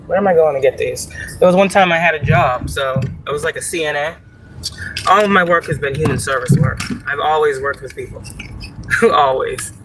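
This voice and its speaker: A woman's voice: low-pitched, a little fast, very noisy. A woman chatting casually on a live stream while driving, profane and rambling, laughing often. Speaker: spiritual vlogger. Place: in a car, driving. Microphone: phone.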